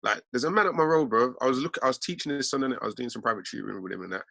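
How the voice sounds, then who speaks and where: A man's voice: medium pitch, creaky, pushed and bright, no room sound. A young man, telling a rambling story in heavy street slang. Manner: slangy, fast, peppered with innit and bruv. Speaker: host.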